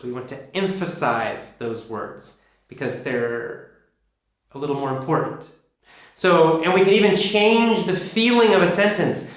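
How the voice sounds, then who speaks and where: A man with a North American accent teaching English pronunciation, speaking slowly and emphatically as he demonstrates rises and falls in pitch. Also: fairly bright tone. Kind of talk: spoken lesson to learners. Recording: very echoey room.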